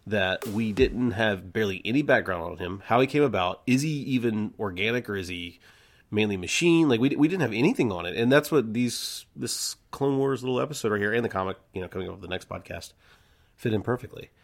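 A man's voice: on the low side, lively intonation, brisk. A man co-hosting a podcast in casual chat, rambling with many stammered restarts and easy laughs. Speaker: podcast co-host.

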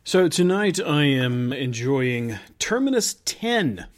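A man's voice: mid-range voice, very animated, takes it slowly. A man hosting a podcast, chatting casually with a dry, joking manner. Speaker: podcast host. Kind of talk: casual chat.

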